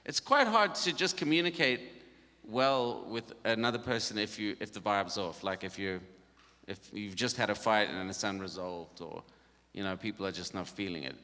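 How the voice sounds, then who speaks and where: A middle-aged man talks through a band workshop in a loose, joking way, his voice bright and forward. The long reverb of a conference hall hangs behind every phrase. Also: fairly low pitch, normal speed. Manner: easygoing and jokey, with frequent laughs. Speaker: worship leader leading a band workshop. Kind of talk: casual workshop talk.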